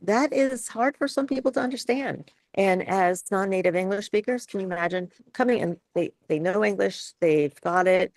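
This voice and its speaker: A woman speech coach hosting a live webinar Q&A, talking in halting phrases with many fillers and restarts over a video call. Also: mid-range voice, a little mellow, no echo.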